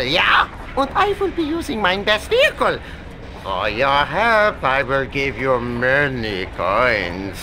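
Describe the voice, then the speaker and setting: A man's voice: fairly high pitch, full character voice. An actor playing a pompous male racing-park tycoon with a thick foreign accent, in a video game cutscene. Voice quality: hammy, drawn-out theatrical delivery. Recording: game audio with steady background noise.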